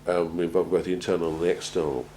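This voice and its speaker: A man gives a measured talk on crisis planning, often pausing and repeating words as he goes. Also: deep voice, little pitch movement, warm tone, a little hiss or hum, low-quality recording. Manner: measured, halting, repeats words while finding them. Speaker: presenter on organisational crisis planning. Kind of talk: prepared talk to an audience.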